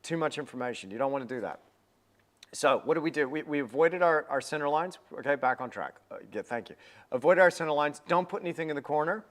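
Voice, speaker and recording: A man's voice: a little high, expressive, quick pace. A young man giving a live painting lesson, chatty and rambling with a self-deprecating manner. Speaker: painting instructor.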